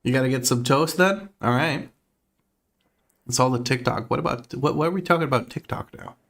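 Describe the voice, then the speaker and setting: A man's voice: mid-range voice, a little fast, gravelly, fairly bright tone. A man streaming from home, chatting casually with his audience, laid-back and laughing often as he reads chat aloud.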